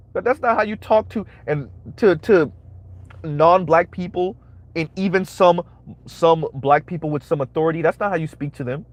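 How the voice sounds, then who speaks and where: A man's voice: high-pitched, dry recording. A man hosting a live-streamed commentary, talking emphatically, repeating his phrases and asking "right?" again and again. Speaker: commentary channel host.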